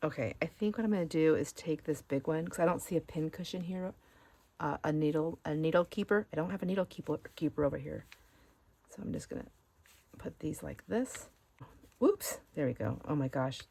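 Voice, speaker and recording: A woman with a slightly low voice hosts a cozy show-and-share of thrift and estate sale finds. She chats in a loose, rambling way and drifts off topic easily. A faint noise sits under the recording. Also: expressive, a little fast, gravelly, mellow. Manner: rambling, easily sidetracked, chatty. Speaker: craft channel host. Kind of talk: casual show-and-share chat.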